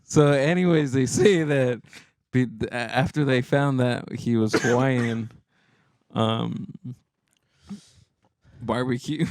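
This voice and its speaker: A man's voice: medium pitch, takes it slowly, darkish tone, no room sound, clean studio sound. A man co-hosting a comedy podcast, chatting casually and rambling with many restarts and trailing-off sentences. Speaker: podcast co-host.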